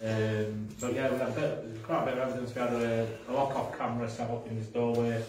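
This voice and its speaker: A man's voice: mid-range voice, flat delivery, quick pace. A man hosting a paranormal investigation livestream, talking casually and hesitantly with lots of fillers. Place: large echoey building on a ghost hunt. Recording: echoey, distant, noisy.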